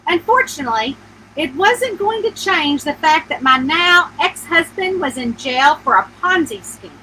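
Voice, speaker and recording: A woman author reading her own novel aloud as a bedtime story at home, narrating in first person with lively feeling for the heroine. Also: high voice, a little slow, slight background noise, low-quality recording.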